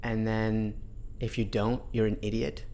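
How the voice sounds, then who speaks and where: A man's voice: fairly low pitch, unhurried. A man hosting a podcast as the boss, talking loosely and making fun of himself in casual conversation. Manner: relaxed, rambling, self-deprecating. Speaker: podcast host, company boss.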